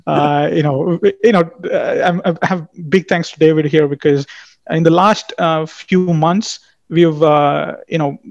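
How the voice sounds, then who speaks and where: Man, startup executive, casual business chat, filler-heavy, tag questions, slightly high, dry sound. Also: gravelly, dry recording, muffled recording. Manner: filler-heavy, tags statements with "right?".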